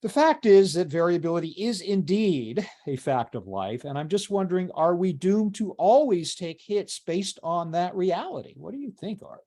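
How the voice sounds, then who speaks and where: Male moderator, light-toned, moving the talk on, slightly high-pitched. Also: big pitch swings, normal speed, few pauses, mellow. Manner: light, laughs, steers the talk. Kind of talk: moderating a panel.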